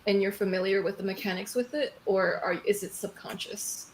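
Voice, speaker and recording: A woman's voice: medium pitch, fairly even intonation, a little fast, a little hiss or hum, low-quality recording. Curious woman hosting a live panel. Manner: curious, asks questions. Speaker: host.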